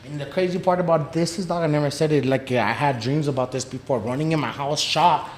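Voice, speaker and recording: Speaking a little fast in a slightly high voice, a male podcast guest spins a story during casual conversation. He's slangy and swears freely, voicing the people in it through quoted lines. Faint noise and echo fill the room.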